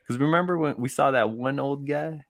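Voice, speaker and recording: A man's voice: medium pitch, a little fast, creaky, no echo, studio quality. A young man co-hosting a casual comedy podcast who teases and jokes. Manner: joking, teasing interjections. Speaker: podcast co-host.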